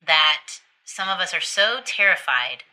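A woman hosting a podcast interview, gentle and encouraging, with many soft murmurs of agreement. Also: lowish voice, lively intonation, measured pace, low-quality recording. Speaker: podcast host. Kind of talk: casual interview conversation.

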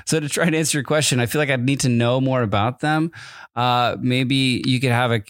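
A man's voice: mid-range voice, no echo, clean studio sound. A man hosting a podcast in casual chat, reading listener messages and rambling with many fillers and restarts. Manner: rambling, hesitant, self-interrupting with fillers. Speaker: podcast host.

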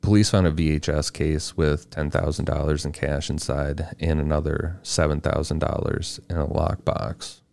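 A man's voice: very deep voice, fairly even intonation, normal speed, vocal fry, hardly any pauses, a little mellow. A man co-hosting a podcast, reading out researched facts in a casual tone and adding short asides. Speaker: podcast co-host presenting the research. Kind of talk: casual true-crime podcast narration.

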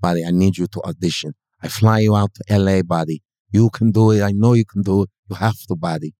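A man's voice: low-pitched, fast, mellow, no room sound, studio quality, voice pushed down, lightly acted. A man doing an impression of an older Persian club owner with a heavy accent, coaxing and insistent. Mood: pleading. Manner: coaxing, insistent, keeps saying buddy.

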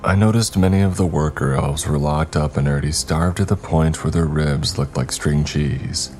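A man narrating a scary story in a steady, wry, scripted storytelling manner. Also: very deep voice, moderate pace, faint music behind.

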